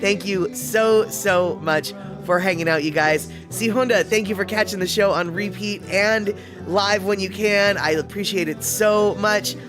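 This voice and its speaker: A woman's voice: medium pitch, fairly even intonation, unhurried, over music. Rambling woman hosting a chatty stream. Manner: rambling, chatty, lots of fillers. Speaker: live-stream host. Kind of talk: casual chat.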